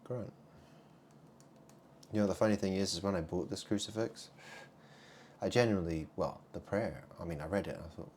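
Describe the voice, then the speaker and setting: Low, dark-voiced man rambling. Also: moderate pace, long pauses, a little hiss or hum. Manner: muttering asides, swings between loud and hushed. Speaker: vlogger. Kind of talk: rambling monologue to camera.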